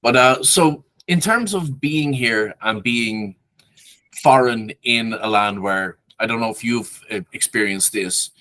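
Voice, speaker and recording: A man's voice: mid-range voice, measured pace, pushed and bright, no echo. A man with a Dublin Irish accent hosting an interview, asking long, thoughtful questions and searching for the right words. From Ireland. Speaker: podcast host, interviewer. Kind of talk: casual interview conversation.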